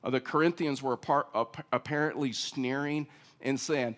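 A man preaching a sermon, swinging from emphatic, loud stretches with acted-out quotes down to low, quiet ones. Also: fairly even intonation, normal speed. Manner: rising to emphatic, acting out quoted voices, then dropping low and quiet. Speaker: pastor.

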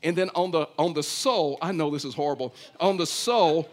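A man's voice: a little high, brisk. A middle-aged man with a Texan accent preaching a sermon, telling folksy stories and acting out dialogue. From Texas. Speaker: pastor.

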